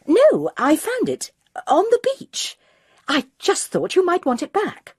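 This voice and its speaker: A woman's voice: sits high, wildly swooping pitch, measured pace, a little mellow, no echo, clean studio sound, voice pushed up, full character voice. A woman voicing a prim, earnest retired lady trying to play detective. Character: prim retired woman turned amateur sleuth.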